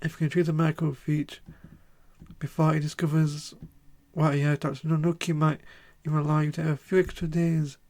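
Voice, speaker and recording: A man reading as a gruff threatening shady spy. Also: a little high, level tone, fairly quick, a little mellow, lightly acted. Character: shady dark-looking male spy, threatening. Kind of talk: reading game dialogue aloud on stream.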